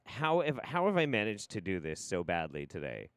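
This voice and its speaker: A man's voice: deep voice, wildly swooping pitch, normal speed, clear, resonant tone, no echo. A man hosting a live stream, talking casually in a profane, exasperated, rambling way.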